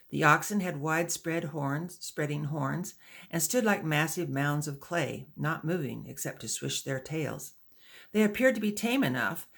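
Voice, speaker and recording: A woman author reading a chapter of her own novel aloud in a gentle, measured storytelling manner. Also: low voice, vocal fry, husky.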